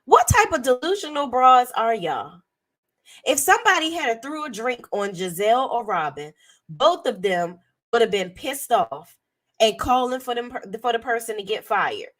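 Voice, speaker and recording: A hoarse woman giving a blunt, sassy, profane commentary as a reality TV reviewer. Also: medium pitch, a bit bright. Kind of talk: casual commentary.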